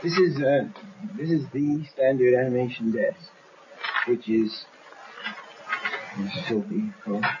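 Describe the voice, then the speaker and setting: Man animator, documentary explainer, lively and theatrical, dull lo-fi audio. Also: medium pitch, a little slow, long pauses. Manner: lively, acts out scenes while explaining. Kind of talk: explaining his work in a documentary. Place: animation studio. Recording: dull 1970s documentary audio with faint hiss.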